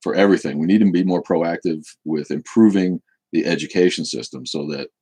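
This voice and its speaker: Very deep husky-voiced man. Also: fairly quick, dark tone. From United States. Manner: blunt, profane, opinionated. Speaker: show host. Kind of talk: live-stream Q&A chat.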